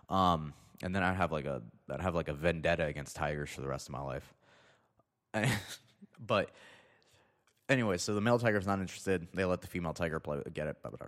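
A man's voice: low voice, a bit bright. A young man telling a rambling, profane comedic anecdote, often cutting himself off mid-sentence. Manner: rambling, profane, self-interrupting. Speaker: storyteller. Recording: long reverb.

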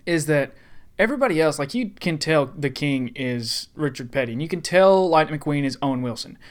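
A man's voice: on the high side, expressive, brisk. A man chatting casually on a podcast, enthusiastic and rambling with frequent restarts. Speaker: podcast co-host.

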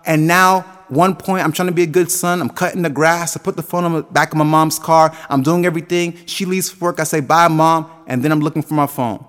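A man's voice: a little high, fairly even intonation, fairly quick, few pauses, a bit bright, in a large hall. A man in his twenties preaching a sermon with a passionate, sing-song cadence that rises and falls. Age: 20s.

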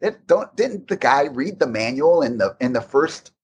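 A man's voice: mid-range voice, moderate pace, husky. Rambling man telling studio anecdotes. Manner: rambling, restarts often, animated anecdotes. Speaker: guest recalling game development. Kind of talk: casual interview storytelling.

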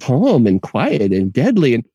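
A man in a relaxed film podcast conversation, with a mellow, warm voice. He tells amused anecdotes at an easy pace. The recording is dry and close. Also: mid-range voice, moderate pace, no echo, muffled recording. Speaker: podcast co-host. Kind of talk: casual film discussion.

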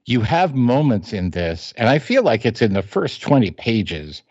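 A man from Kansas talking casually on a podcast, animated and quoting lines in put-on voices. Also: mid-range voice, a little slow, no room sound. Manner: animated, reads quotes aloud in voices. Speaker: podcast host. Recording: slightly dull lo-fi sound.

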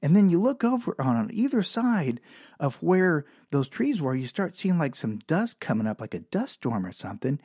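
Animated man telling a comic story. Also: on the high side, normal speed, slightly rough, no room sound, studio quality. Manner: rambling, animated, exasperated.

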